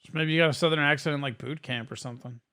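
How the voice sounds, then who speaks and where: A man's voice: a little high, racing, pushed and bright. A man joining a comedy call-in stream, ribbing the caller with profane jokes. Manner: joking, profane banter. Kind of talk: casual chat.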